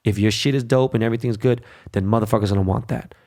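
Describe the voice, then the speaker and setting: A man's voice: on the low side, steady tone, fast, mellow. A man hosting his own podcast in a brash, blunt, profane monologue, tagging points with "right?" and "okay?". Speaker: podcast host. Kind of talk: casual monologue.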